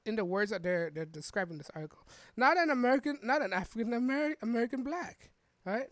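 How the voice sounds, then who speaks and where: A woman's voice: a little high, lively intonation, fast talker, no echo. A woman hosting a podcast, giving casual political commentary while reading an article aloud, rambling with frequent restarts and tag questions. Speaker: podcast host.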